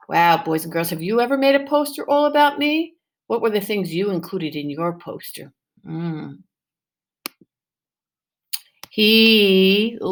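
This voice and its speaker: A woman teaching first grade, reading a picture book aloud to young children and coaxing them with questions. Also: mid-range voice. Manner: animated and encouraging, with exaggerated questions to the class.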